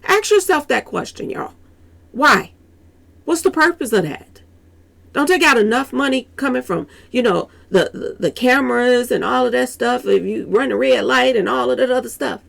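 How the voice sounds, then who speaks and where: Animated woman with a gravelly voice. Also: on the high side, normal speed. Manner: animated, repeats "y'all" often, talks straight to viewers. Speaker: commentary channel host. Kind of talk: reaction commentary.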